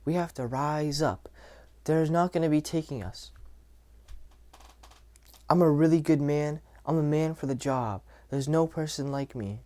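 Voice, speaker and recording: A man's voice: fairly high pitch, a little slow, long pauses, darkish tone, natural voice. A man playing a would-be rally leader. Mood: meek. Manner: declaiming, speechlike. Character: male would-be leader giving a rallying speech.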